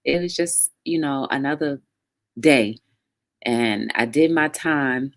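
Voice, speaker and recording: A woman hosting a casual livestream talk show, greeting viewers by name with bright excitement and talking reflectively in between. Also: very deep voice, takes it slowly.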